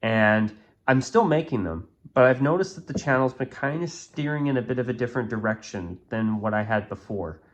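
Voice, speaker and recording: A man's voice: medium pitch, expressive, fairly quick, lo-fi sound, a little hiss or hum. A man hosting his own channel, talking casually and with strong opinions, rambling with fillers and restarts, recorded on a phone. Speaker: YouTube channel host. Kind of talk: casual vlog commentary.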